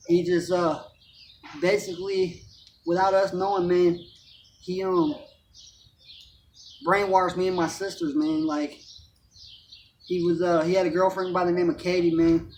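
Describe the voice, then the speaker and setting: Man, high-pitched, loose profane street-talk storyteller; faint birdsong behind. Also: slight background noise. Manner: rambling, profane, street slang, fillers like man and dog. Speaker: storyteller recounting his life. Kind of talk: casual personal storytelling.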